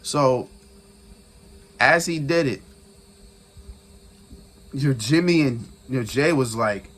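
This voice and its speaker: A man giving a casual, excitable recap of a wrestling event, repeating phrases for emphasis and laughing often. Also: medium pitch, slow pace, pauses often. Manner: excitable, retells with shouted quotes and sound effects. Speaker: wrestling reviewer.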